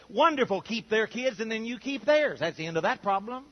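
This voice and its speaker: A man's voice: high-pitched, expressive, fairly quick, highs cut off. An older man preaching a sermon in a folksy storytelling way, acting out the voices of the people he quotes.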